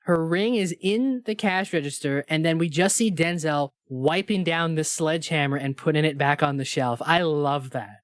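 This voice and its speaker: A man's voice: a little high, moderate pace, few pauses, clear, resonant tone, no echo. A laid-back man co-hosting a movie podcast, retelling scenes with easy enthusiasm and casual swearing. His voice comes across close and dry, with no room sound. He keeps a loose, chatty rhythm full of fillers. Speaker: podcast co-host. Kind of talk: casual movie review chat.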